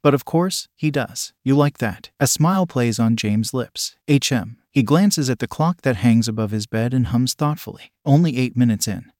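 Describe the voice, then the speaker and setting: A man narrating a second-person adult audio story in a soft, intimate way. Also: mid-range voice, animated, moderate pace, few pauses, no room sound, studio quality.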